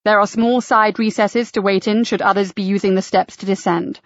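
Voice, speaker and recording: A woman's voice: mid-range voice, steady tone, brisk, dry recording, natural voice. A woman voicing a fussy, theatrical male church tour guide who announces things grandly. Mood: grand, courteous. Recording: dry, slightly dull audiobook recording.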